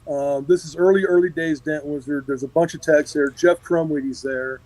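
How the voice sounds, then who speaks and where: A man, a guest on a live video call, telling a rambling story with lots of pauses and restarts. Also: fairly high pitch, fairly even intonation, a little mellow, no echo, poor audio. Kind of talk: casual storytelling on a livestream.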